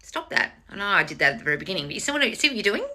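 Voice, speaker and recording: A woman's voice: medium pitch, very fast. A woman hosting a live stream as a manifestation coach, answering viewer comments bluntly with lots of swearing and mocking impressions. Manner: blunt and sweary, with frequent mocking put-on voices; animated, teasing, talks straight to viewers.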